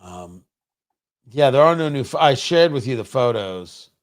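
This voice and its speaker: A man's voice: medium pitch, expressive, a little slow. A middle-aged man hosting a political commentary livestream, firing off sarcastic, heated rhetorical questions. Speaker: talk show host.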